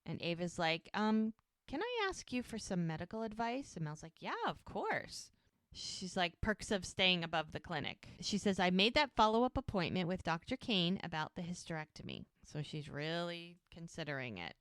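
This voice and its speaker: A woman with a smooth, clear voice and a fairly low pitch chats casually on a podcast. She retells scenes and acts out snippets of dialogue, and her mic sounds dry and close. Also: moderate pace, no echo. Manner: retells scenes with quoted lines, animated. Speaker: podcast co-host. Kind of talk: casual recap chat.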